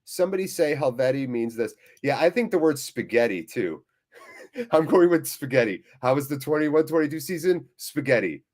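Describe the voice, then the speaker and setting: A man hosts a live fan watchalong, reading viewers' chat aloud with jokey swearing and a weary, deflated tone. His medium-pitched voice is animated and darkish, at a normal speed.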